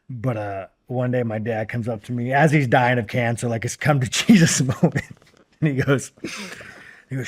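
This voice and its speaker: A man in his thirties from the United States, with a mid-range voice and a quick pace, appears as a podcast guest. He talks bluntly and profanely, rambling and packing his speech with fillers in a casual long-form interview.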